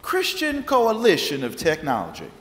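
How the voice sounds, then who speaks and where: A woman's voice: on the low side, wildly swooping pitch, moderate pace. A man voicing a sweet, earnest Southern woman with a Georgia accent who organizes a conference, speaking in a polite drawl. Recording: echoey hall, faint noise.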